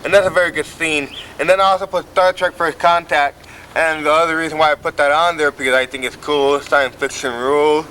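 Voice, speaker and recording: A man's voice: a little high, steady tone, fairly quick, bright, forceful tone, slight background noise. A man hosting a public-access TV show outdoors, a bit out of breath, rambling in a loose, profane way. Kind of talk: rambling talk to camera. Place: outdoors at a friend's house.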